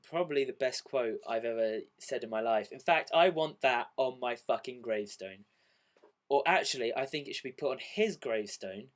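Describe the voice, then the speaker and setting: A man vlogging casually, rambling with many fillers and apologies, unwell and a little dizzy. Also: mid-range voice.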